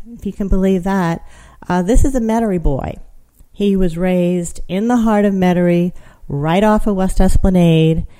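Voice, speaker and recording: A woman's voice: lowish voice, mellow. A woman hosting a comedic talk radio show, chatty, gossipy and incredulous, with lots of "you know" fillers.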